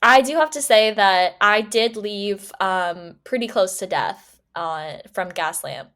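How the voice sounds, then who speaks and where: A young woman from Phoenix co-hosting a podcast, telling a story in a lively, laughing, casual way. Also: mid-range voice, takes it slowly. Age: young adult. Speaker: podcast co-host.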